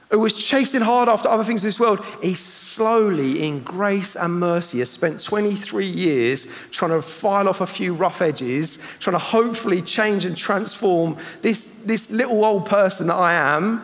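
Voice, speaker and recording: A man, preaching a sermon with passion, swinging between loud and hushed. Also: high-pitched, expressive, moderate pace. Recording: hall reverb.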